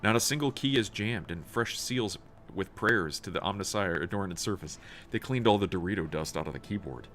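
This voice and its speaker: A man's voice: low voice, expressive, fairly quick, fairly bright tone, a little hiss or hum. A man streaming a role-playing video game, reading its text aloud in a casual, swearing tone and tripping over words now and then.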